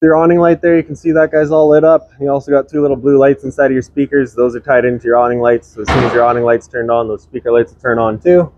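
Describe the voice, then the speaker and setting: Brisk man giving a trailer walkthrough. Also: medium pitch, little pitch movement, a little mellow, lo-fi sound. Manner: brisk, practical, instructive. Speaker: RV sales walkthrough presenter. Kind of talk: casual product walkthrough. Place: outdoors and inside a travel trailer.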